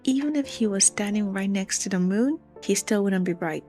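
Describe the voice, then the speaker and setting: A woman's voice: medium pitch, moderate pace, faint music behind. A woman narrating a true crime case in a conversational, emphatic way. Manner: animated, emphatic retelling.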